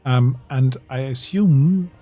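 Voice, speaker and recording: A man narrating as game master in a tabletop role-playing game, describing scenes in an unhurried way. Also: medium pitch, dark tone, breathy edge, soft background music.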